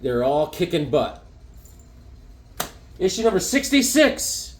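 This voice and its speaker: Excited man showing off comics. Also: on the high side, slow, a little hiss or hum. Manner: enthusiastic, rambling, chuckling. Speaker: comic book collector showing his collection. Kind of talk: casual show-and-tell chat.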